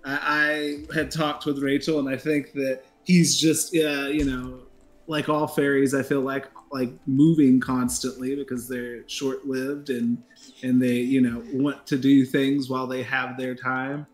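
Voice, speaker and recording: A man player describing his character in casual game chat, halting, with many pauses and fillers. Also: mid-range voice, little pitch movement. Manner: hesitant, halting, many ums.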